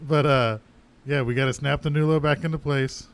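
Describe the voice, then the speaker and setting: A man's voice: medium pitch, fairly even intonation, smooth. A man co-hosting a show, telling stories casually and laughing along. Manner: quick, storytelling, laughing along. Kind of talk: casual chat.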